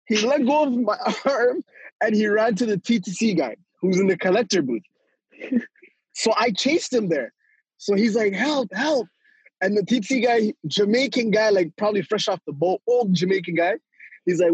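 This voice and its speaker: A young man tells a story on a casual podcast, high-pitched and a little husky. He is animated, laughs a lot and acts out every quote. The sound is close and dry. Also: moderate pace, dry recording, highs cut off. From Toronto, Canada. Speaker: guest storyteller.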